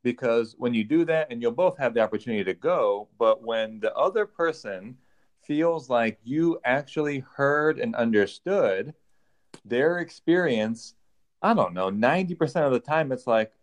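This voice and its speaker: Male guest coach, mid-pitch, sincere, acts out little quotes. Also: expressive, moderate pace. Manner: earnest, acts out quoted dialogue. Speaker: relationship coach, podcast guest. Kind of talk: casual podcast interview.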